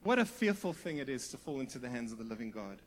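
A middle-aged man, preaching a sermon in an earnest, conversational way, with asides and restarts and sudden drops to a hushed voice for emphasis. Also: medium pitch, sing-song, quick pace. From South Africa. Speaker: pastor.

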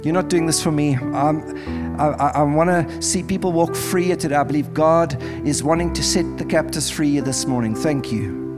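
Leading an altar call during a church service, this pastor pleads earnestly and repeats his phrases. His voice sits fairly high and moves a little quickly with few pauses, and music can be heard in the background.

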